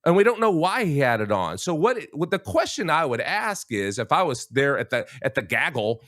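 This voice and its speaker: The talk show host has a fairly high, sing-song voice with a fairly bright tone, moving at normal speed. He addresses listeners as folks in an emphatic opinion monologue full of restarts, captured in clean studio sound without echo.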